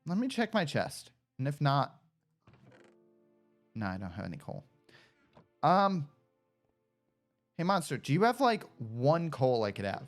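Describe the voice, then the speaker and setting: A woman with a fairly low voice talks through a game in a casual, animated way. Her pitch swings widely as she coaxes, scolds and cheers, with faint music playing behind her. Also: measured pace, pauses often. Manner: animated, talks to herself and coaxes a pet pig; excitable shouts and cheers. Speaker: gaming streamer. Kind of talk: casual gameplay commentary.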